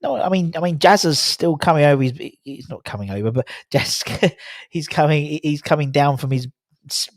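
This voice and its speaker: A man's voice: on the high side, moderate pace, no echo, clean studio sound. A young man, hosting a casual livestream, reading the chat aloud and laughing at tongue twisters. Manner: chatty, laughing at tongue twisters, rambling with fillers.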